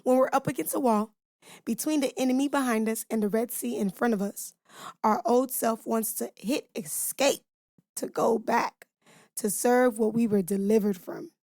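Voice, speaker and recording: A woman's voice: a little high, normal speed, darkish tone, no room sound, clean studio sound. Emphatic woman preaching on a podcast. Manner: emphatic preaching cadence with rhetorical questions; addresses listeners directly and informally. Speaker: podcast host teaching scripture. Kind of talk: devotional podcast teaching.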